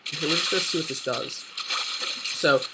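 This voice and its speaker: A man's voice: fairly high pitch, a little fast, background noise. A young man casually commentating his own game replay, thinking aloud and restarting sentences often. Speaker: gameplay commentator.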